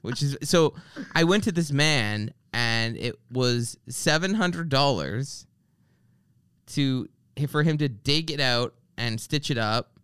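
Animated man telling rants. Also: medium pitch, takes it slowly, smooth, no room sound, clean studio sound. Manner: animated storyteller, mimics people in his anecdotes; swears freely, ranting comic tone. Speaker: podcast host. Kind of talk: casual chat.

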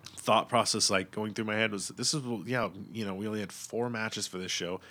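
A man's voice: on the low side, steady tone, a little fast, pushed and bright. A man chatting casually and at length, blunt and opinionated, swearing freely and rambling with lots of fillers and restarts.

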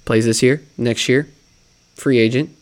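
A man's voice: mid-range voice, fairly even intonation, unhurried. A man hosting a solo sports talk show, riffing and mocking himself with lots of rhetorical questions. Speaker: sports podcast host.

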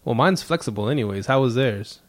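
A man's voice: mid-range voice, lively intonation, a little fast. A man co-hosting a casual podcast chat, joking and laughing often as he tells stories. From Mexican heritage. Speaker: podcast co-host.

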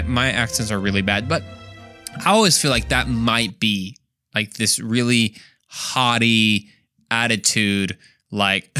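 A man's voice: medium pitch, measured pace, pushed and bright, no echo, studio quality, faint music behind. A man hosting a Bible lesson podcast, earnest and emphatic, rising on key points and sometimes poking fun at himself. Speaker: Bible study podcast host.

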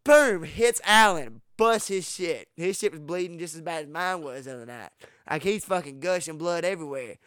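A man from Texas, telling stories in casual podcast talk, profane and animated, acting out what people said with sudden loud jumps. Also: a little high, moderate pace, smooth, dry recording, studio quality. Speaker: podcast host. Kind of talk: casual storytelling.

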